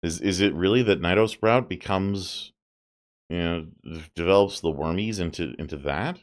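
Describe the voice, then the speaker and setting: A man's voice: low-pitched, moderate pace. A male streamer giving chatty, amused game commentary, thinking aloud as he plays.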